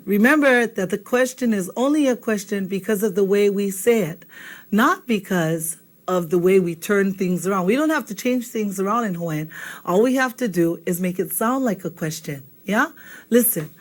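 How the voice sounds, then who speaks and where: A woman's voice: fairly high pitch, expressive, unhurried. A woman teaching a beginner language lesson, patient and repetitive, often checking in with the class.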